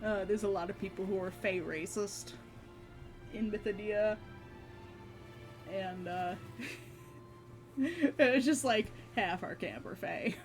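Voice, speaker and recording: A woman streamer chats casually at an unhurried pace, rambling and breaking into giggles between phrases. Music plays clearly underneath her voice. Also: medium pitch. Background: background music.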